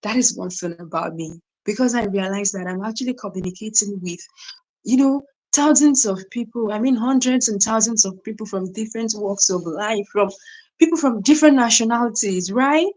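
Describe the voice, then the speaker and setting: Greeting her viewers by name and reading out their comments, this young Nigerian woman keeps her live stream casual, often asking "right?" and saying "you know". She has a medium-pitched, slightly mellow voice at a moderate pace, over rough recording quality.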